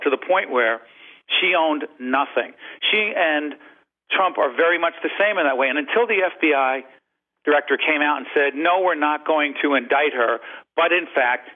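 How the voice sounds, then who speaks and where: Emphatic man on a tinny phone line. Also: a little high. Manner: emphatic, repeats phrases for rhythm. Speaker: guest, leadership and communication author. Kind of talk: radio interview commentary. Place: call-in to satellite radio show.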